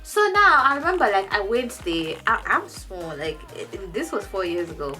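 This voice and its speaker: A young woman casually telling a personal story in a vlog, animated and jumping into high quoted voices, often restarting and repeating words. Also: normal speed, soft background music. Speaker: vlogger.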